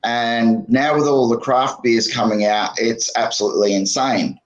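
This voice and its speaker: An Australian man chatting casually on a podcast, talking haltingly with many fillers. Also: mid-range voice, steady tone, rough recording.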